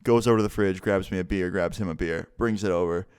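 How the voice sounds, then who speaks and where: Smooth-voiced young man telling a story. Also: sits low, quick pace, a little mellow. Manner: casual, swearing, rambling with "like" fillers. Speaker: vlogger. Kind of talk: storytime vlog.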